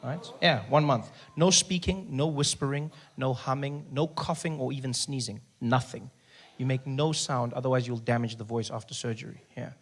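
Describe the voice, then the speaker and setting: A man performing stand-up comedy, swinging between a hushed, soft voice and loud, lively bursts. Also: medium pitch, moderate pace, hardly any pauses. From South Africa. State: recovering from voice loss.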